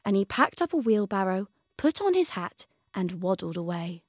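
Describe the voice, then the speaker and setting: Woman narrator, lively expressive read-aloud, mid-pitched voice, dry close recording. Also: moderate pace, no echo. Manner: lively, animated storytelling. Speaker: audiobook narrator.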